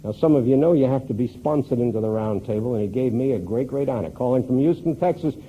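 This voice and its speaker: A man's voice: medium pitch, fast, breathy edge. Emphatic man speaking on a tinny recording. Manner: emphatic, swings loud and soft for effect. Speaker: motivational speaker. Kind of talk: seminar talk with storytelling. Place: room with a live audience. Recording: tinny phone-like lo-fi recording with faint hiss.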